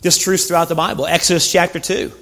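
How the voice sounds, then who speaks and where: A man preaching a sermon, telling a story with passion and swinging from hushed lines to loud ones. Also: a little high, steady tone, quick pace, gravelly. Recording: reverberant hall sound.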